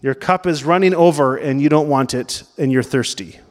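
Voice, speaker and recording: A man's voice: fairly high pitch, moderate pace. A man preaching a sermon as pastor in a conversational way, asking the congregation questions. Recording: long reverb of a large hall.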